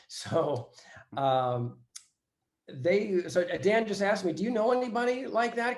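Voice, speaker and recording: A man actor reminiscing in a casual interview, speaking in a measured way with frequent pauses. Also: fairly high pitch. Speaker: actor guest. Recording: roomy echo.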